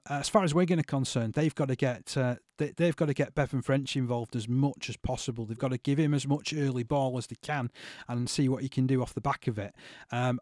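A man's voice: medium pitch, a little mellow, no echo, clean studio sound. A man hosting a podcast, chatting casually about sport and often checking for agreement with tag questions. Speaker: podcast host.

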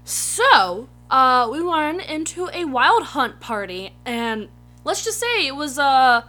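A woman with a bright, fairly high voice recaps a campaign she played in. She is casual, matter-of-fact and dryly wry. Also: big pitch swings, slow pace. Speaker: player and podcast co-host. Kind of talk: casual chat.

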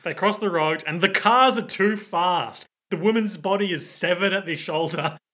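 Bright-voiced man recapping deadpan. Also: high-pitched, normal speed. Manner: wry, deadpan scene-by-scene narration. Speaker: podcast co-host. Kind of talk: casual chat recapping a story.

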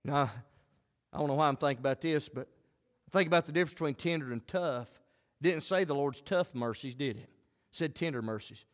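High-voiced preacher man in a reverberant hall. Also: brisk. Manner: animated country preacher, swings from quiet to shouting. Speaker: pastor. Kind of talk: sermon. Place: church.

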